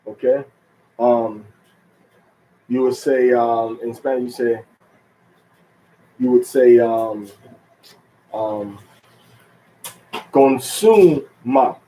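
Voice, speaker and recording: A man teaching a religious lesson in an unhurried, halting way, with many fillers and restarts, drawing out the words he stresses. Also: medium pitch, warm tone, rough recording. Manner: drawn-out stress on key words. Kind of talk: teaching talk.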